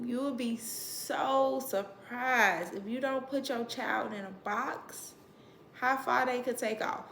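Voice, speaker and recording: A woman's voice: mid-range voice, fairly bright tone, roomy sound, slight background noise. A woman educator giving earnest, emphatic parenting advice to the camera in a casual vlog. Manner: earnest, emphatic, laughs at herself.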